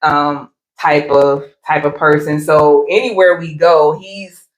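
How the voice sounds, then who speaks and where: A calm, laid-back woman talking casually and reservedly about her marriage. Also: deep voice, takes it slowly. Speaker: wife, married guest. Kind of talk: casual conversation. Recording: echoey room.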